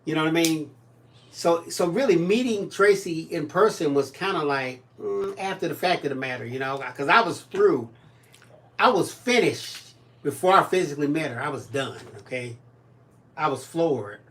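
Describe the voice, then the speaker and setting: A man's voice: fairly high pitch, normal speed. A man co-hosting a home crafting livestream, reading viewer comments aloud and teasing in easygoing chat. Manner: joking, teasing, animated storyteller.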